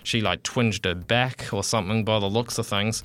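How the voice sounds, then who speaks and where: A man runs through a sports update on the radio, his low voice bright and clean. He talks hesitantly, full of fillers and self-corrections, speaking from a studio. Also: fairly even intonation, moderate pace. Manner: hesitant, many fillers and restarts. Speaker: sports reporter.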